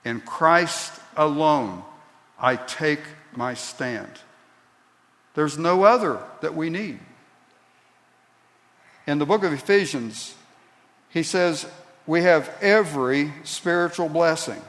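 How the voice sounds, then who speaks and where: A pastor delivering a sermon at an unhurried, deliberate pace, his fairly high voice rising to emphatic peaks. The sound carries the long reverb of a large sanctuary. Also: animated, fairly bright tone. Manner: slow deliberate preaching that builds to emphatic peaks.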